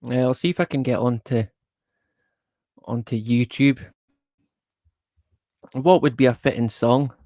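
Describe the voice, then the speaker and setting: A man's voice: medium pitch, measured pace, long pauses, warm tone, no echo, studio quality. A man hosting a casual livestream, rambling in a laid-back way, chuckling often and swearing casually. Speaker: livestream host.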